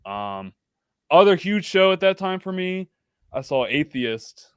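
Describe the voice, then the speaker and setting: A man's voice: high-pitched, big pitch swings, unhurried, clear, resonant tone, dry recording, clean studio sound. A man guest on a podcast chatting casually, rambling with lots of "like" and "um". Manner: rambling, full of "like" and "um". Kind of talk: casual chat.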